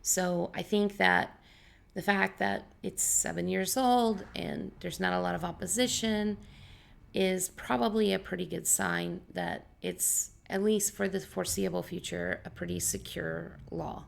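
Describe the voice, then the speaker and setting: A woman's voice: on the low side, animated, measured pace, creaky. A young adult woman, an English teacher, talking casually to her vlog audience with a scratchy voice and lots of fillers and disclaimers. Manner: chatty, full of disclaimers and fillers. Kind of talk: casual explanatory vlog talk.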